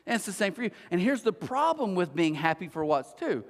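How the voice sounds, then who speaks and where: Middle-aged guy preaching, goofy self-mocking stories, high voice bouncing up and down, big echo. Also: brisk. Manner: animated storyteller with self-mocking humor, talks straight to listeners. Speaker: pastor. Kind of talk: conversational sermon. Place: church auditorium. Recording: long church-hall reverb.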